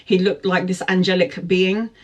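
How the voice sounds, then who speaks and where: A woman in her forties telling a personal story, lively, laughing often and acting out what people said. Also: lowish voice, moderate pace. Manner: lively, laughs often, acts out quoted speech. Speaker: tarot vlogger. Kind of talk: storytime chat.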